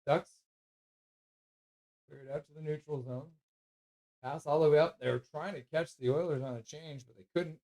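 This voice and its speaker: A man calling live hockey play-by-play from his stream in a casual way, with quick calls and offhand jokes. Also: a little high, steady tone, warm tone.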